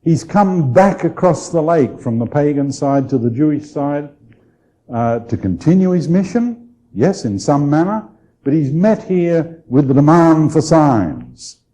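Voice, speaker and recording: A man with a very dark, mellow voice teaches scripture as a bishop in a relaxed lecture. He takes his time, restarts his phrases and turns to his listeners with quick questions. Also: a little high, poor audio. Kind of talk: conversational Bible study lecture.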